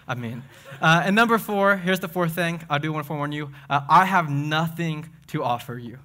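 Excitable young preacher, bright voice. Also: male voice, a little high. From Tennessee. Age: young adult. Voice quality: speech impediment. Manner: excitable, fast, self-deprecating. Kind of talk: casual sermon with jokes.

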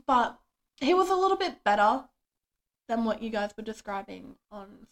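A young woman co-hosting a podcast chats casually, telling stories from her workday and acting out the quoted lines. Her voice is a little high, very animated, and a bit bright, at a moderate pace.

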